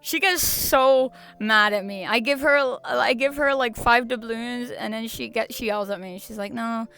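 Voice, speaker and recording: A woman's voice: fairly high pitch, unhurried, vocal fry, sharp tone, smooth, soft background music. A young woman streamer chatting casually to her viewers, rambling with restarts, slang and laughter. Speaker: VTuber streamer.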